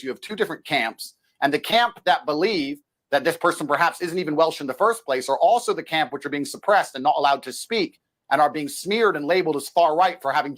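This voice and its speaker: A man's voice: on the high side, a bit bright. A man arguing as a guest in a TV interview, talking in an assertive, lecturing way. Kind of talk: debating in a TV interview.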